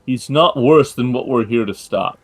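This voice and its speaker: Husky-voiced man playing a tabletop game. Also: medium pitch, moderate pace. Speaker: player. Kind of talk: casual tabletop game play.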